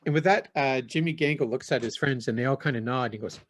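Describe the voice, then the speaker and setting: A man narrating a tabletop game as game master, halting with many fillers. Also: medium pitch.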